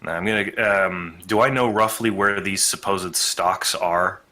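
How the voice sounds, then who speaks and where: A man's voice: low voice, steady tone, a little slow, pushed and bright. A man playing a tabletop role-playing game, talking hesitantly and sometimes speaking politely in character. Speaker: player.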